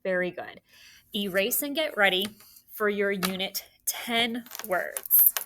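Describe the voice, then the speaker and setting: Woman, phonics teacher, slow dictation, patient, encouraging, mid-pitched. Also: a bit bright, a little hiss or hum. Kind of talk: phonics lesson for young students.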